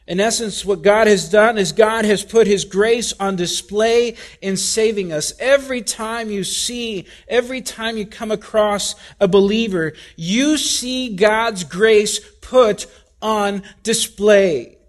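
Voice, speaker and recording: Male pastor, higher voice, measured unhurried sermon delivery with emphatic repetition. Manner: deliberate, emphatic preaching with repetition.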